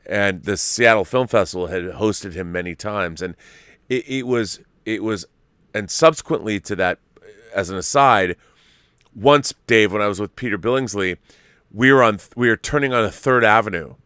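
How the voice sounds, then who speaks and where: A man in his fifties hosting a casual podcast chat, telling stories in an animated, profane way. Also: lowish voice, moderate pace, clear, resonant tone, no room sound. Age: 50s. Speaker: show host.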